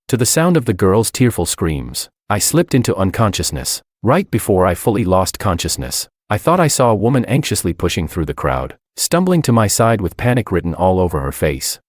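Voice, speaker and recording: A man narrating a first-person story in a lively, expressive reading. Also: low-pitched, no room sound, clean studio sound.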